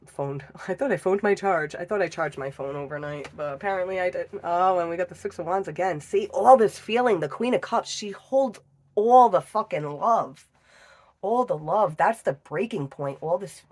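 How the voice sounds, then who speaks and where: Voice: medium pitch, slightly rough. A tarot reader giving a casual reading into a phone, chatty and profane, laughing often.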